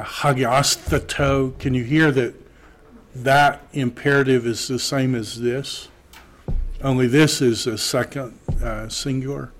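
A man teaching a Greek class, slowly reading Greek aloud and then translating it. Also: mid-range voice, slight background noise. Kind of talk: classroom lecture.

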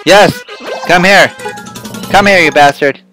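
Man, gameplay commentator, slightly high voice, excitable and foul-mouthed, faint game music behind. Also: unhurried. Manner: excitable, swearing, yelling at the game. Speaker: let's play host.

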